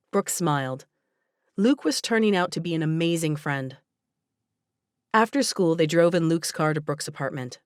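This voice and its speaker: A woman narrating a young adult romance audiobook in a gentle, even storytelling manner. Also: deep voice, normal speed, long pauses, dry recording, studio quality. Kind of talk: scripted narration.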